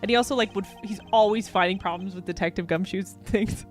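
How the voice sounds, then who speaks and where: A woman's voice: mid-range voice, a little fast, soft background music. A young woman chatting casually and giggling while playing a video game with a friend. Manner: giggly, excitable. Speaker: let's play co-host.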